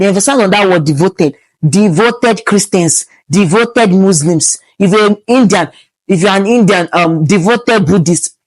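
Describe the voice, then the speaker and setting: A woman's voice: medium pitch, no room sound. Preachy Nigerian woman vlogger. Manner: preachy and animated, slipping into pidgin asides. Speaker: medical student vlogger. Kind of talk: casual advice vlog.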